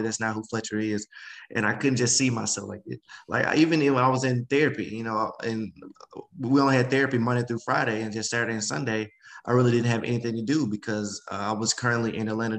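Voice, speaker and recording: Animated man telling his story. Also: medium pitch, low-quality recording. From Memphis, Tennessee. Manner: animated, acts out quoted voices. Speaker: guest speaker. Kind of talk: casual interview storytelling.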